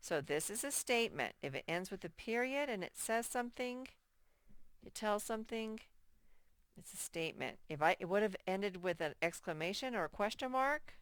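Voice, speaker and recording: A woman teaching a first-grade workbook lesson in a slow, patient way, repeating key points and reading example sentences aloud very slowly. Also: medium pitch, animated, clean tone, no room sound, studio quality. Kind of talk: recorded workbook lesson for children.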